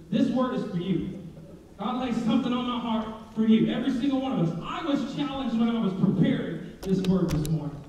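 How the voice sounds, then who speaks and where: High-voiced preacher in an echoey church. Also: male voice, a little hiss or hum. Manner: lively, joking, engaging the congregation with questions. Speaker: pastor. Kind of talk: sermon. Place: church sanctuary. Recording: echoey hall, distant dull mic.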